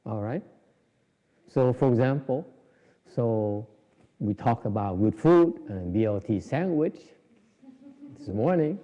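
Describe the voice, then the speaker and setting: Taking it slowly and pausing often, this man speaks in an animated, mellow, medium-pitched voice. He's a Buddhist meditation teacher delivering a joking, informal dharma talk with many restarts, recorded lo-fi and dull in an echoing hall.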